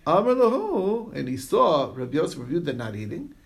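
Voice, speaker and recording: A man's voice: on the high side, big pitch swings, fast talker, gravelly. A man teaching a Talmud class in a casual lecture style, reading passages aloud and explaining them in chatty asides, often checking in with his listeners. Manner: storytelling with frequent "okay?" check-ins.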